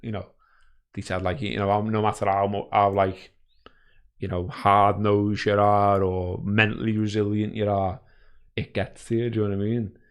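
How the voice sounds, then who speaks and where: A man co-hosting a casual podcast, telling stories with animated rants. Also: lowish voice, normal speed, clear, resonant tone. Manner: animated storytelling, acting out his own rants. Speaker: podcast co-host. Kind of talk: casual chat.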